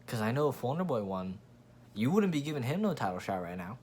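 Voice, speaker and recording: A man's voice: mid-range voice, big pitch swings, fairly quick, a little mellow, a little hiss or hum. A man hosting his own channel, giving a blunt, profane, rambling casual opinion rant with frequent restarts. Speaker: MMA commentary channel host.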